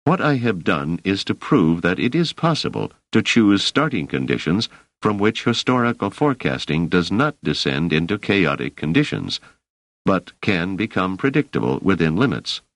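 A man's voice: sits low, big pitch swings, normal speed, fairly bright tone, no room sound, exaggerated voice. A man reading a patient, precise male scholar. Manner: patient, careful, explaining.

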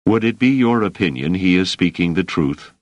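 A man's voice: low voice, lively intonation, normal speed, no room sound, muffled recording. A man reading an audiobook and voicing a weary, bitter male rebel leader who argues in an earnest, urgent way.

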